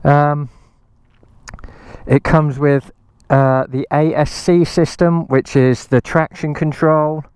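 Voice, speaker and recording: A man's voice: fairly high pitch, fairly even intonation, slow pace, a little mellow, smooth, no room sound. A man giving a casual, enthusiastic motorbike review outdoors on a hilltop, rambling with many ums. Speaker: motorcycle vlogger.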